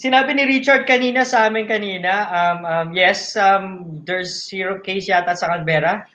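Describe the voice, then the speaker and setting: A man hosting a casual live video call, mixing English and Tagalog with many fillers and pauses. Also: high voice, pushed and bright, highs cut off. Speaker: host. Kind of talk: casual live-stream chat.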